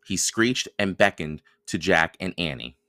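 A man reading a children's chapter book aloud for a podcast, in calm, even storytelling narration. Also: deep voice, unhurried, no echo, clean studio sound. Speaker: podcast reader.

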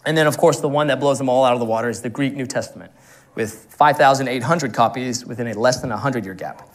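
A man's voice: mid-range voice, fast talker. A young man preaching a sermon, earnest and often laughing at his own stories.

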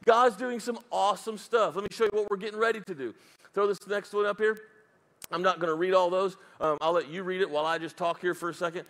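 A man's voice: high-pitched, steady tone, fast, fairly bright tone. A man preaching a sermon as pastor, telling a Bible story with jokes, asides and put-on voices.

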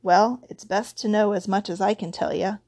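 Woman reader doing Hagrid: huge gruff gamekeeper, dropped endings, storybook voice. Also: mid-range voice, steady tone, moderate pace, darkish tone, dry recording, close to an everyday voice. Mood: anxious. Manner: rough dialect, dropped endings. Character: huge gruff male gamekeeper, big-hearted.

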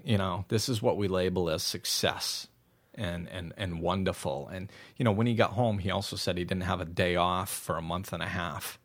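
Hosting a laid-back, thoughtful chat, a man with a low-sitting voice talks at normal speed. He rambles as he tells stories, often restarting and stumbling into false starts.

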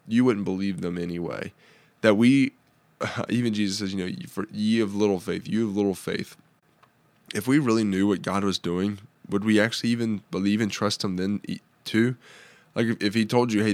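A man's voice: on the low side, no room sound. A man pastor giving a conversational podcast Bible devotional, reading scripture aloud between casual asides.

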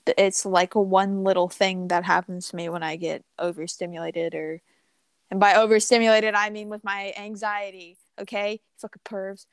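A woman's voice: medium pitch, little pitch movement, moderate pace, smooth, no room sound. A young woman co-hosting a casual podcast chat, rambling with lots of fillers and casual swearing. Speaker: podcast co-host.

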